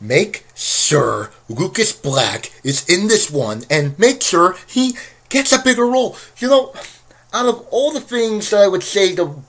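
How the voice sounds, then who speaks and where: Guy rambling through a movie review, lots of restarts, kinda high pitched. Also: unhurried. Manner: rambling and excitable, many restarts. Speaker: film reviewer. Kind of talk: casual spoken movie review.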